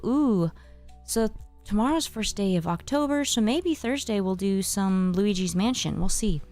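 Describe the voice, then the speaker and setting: A woman's voice: mid-range voice, a little mellow. A woman chatting casually to her live-stream audience as host, hesitant and a little scattered, with many fillers and restarts. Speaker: streamer hosting her channel.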